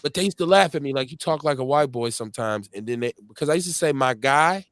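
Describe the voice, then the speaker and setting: A man in his forties from Milwaukee with a Milwaukee accent, hosting a live show in casual, slangy chat full of shout-outs and stories. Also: mid-range voice, fast, no echo, studio quality. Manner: animated storytelling, slangy, lots of shout-outs. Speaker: host.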